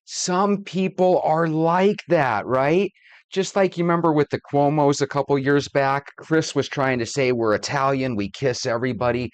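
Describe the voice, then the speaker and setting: A man with a mid-range voice comments calmly and plainly, talking straight to his viewers. His voice is recorded close and dry. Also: mid-range voice, normal speed, clean tone, no room sound. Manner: calm, reasoning, talks to viewers. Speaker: host, commentator. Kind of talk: casual commentary.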